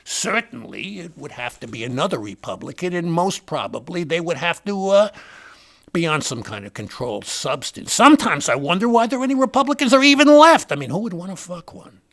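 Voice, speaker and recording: A man's voice: sits high, sing-song, brisk, fairly bright tone, exaggerated voice. An actor playing a boastful male Republican party insider in a satirical comedy rant, rambling and name-dropping toward each punchline. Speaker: comic character monologue.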